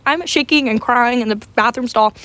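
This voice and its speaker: A young woman with a fairly high voice recounts a story straight to camera. She tells it in an animated, dramatic way. She swears without a second thought. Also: moderate pace, no room sound. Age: young adult. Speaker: vlogger.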